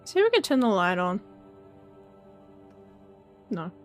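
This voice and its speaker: A woman's voice: medium pitch, sing-song, unhurried, faint music behind. A woman streamer chatting casually while sleepy and yawning, rambling and self-deprecating, often trailing off.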